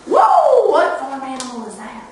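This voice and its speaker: A young woman, a student teacher, reading a picture book aloud to children in a classroom with an animated, expressive manner. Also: sits high, measured pace, a little hiss or hum. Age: young adult. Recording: echoey classroom, far from mic.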